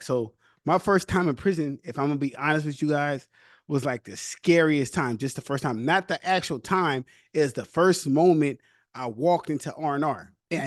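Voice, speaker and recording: A young man hosting a podcast, telling his own story casually with loose street slang and animated retellings. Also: a little high, normal speed, no room sound, clean studio sound.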